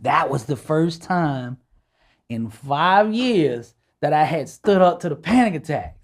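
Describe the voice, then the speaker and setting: A man telling a personal story as a podcast guest, animated and casual, acting out dialogue and often checking in with "right?". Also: on the high side, slow. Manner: animated, acts out dialogue, tags lines with "right?"; casual speech with "ain't" and "gonna".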